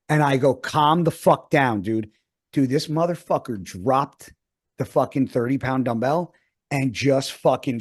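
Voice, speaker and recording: A man in his forties telling a story in casual podcast chat, swearing constantly as he talks. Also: fairly high pitch. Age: 40s. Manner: heavily profane, animated storytelling. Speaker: podcast co-host.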